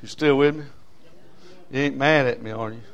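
A middle-aged man preaching a sermon. He calls out to his congregation for amens and swings between loud and soft delivery. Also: mid-range voice, moderate pace, clear, resonant tone, muffled recording.

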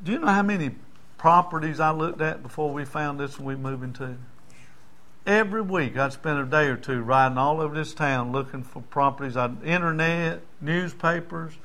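A man's voice: on the high side, normal speed, pushed and bright. An older man, a pastor preaching in a folksy storytelling way, dropping into dialect. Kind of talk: sermon.

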